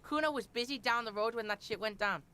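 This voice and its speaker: Video game voice acting: a swaggering, foul-mouthed Liverpool street kid, played by a woman with a high voice. He taunts with profanity and refers to himself by name in the third person. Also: quick pace, pushed and bright. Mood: taunting.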